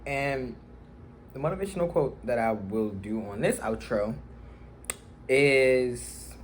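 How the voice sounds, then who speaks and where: A young man telling a casual storytime vlog, animated and slangy, recording on his phone. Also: medium pitch, slow pace, pauses often, slight background noise. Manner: animated, slangy, acts out quotes. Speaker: vlogger.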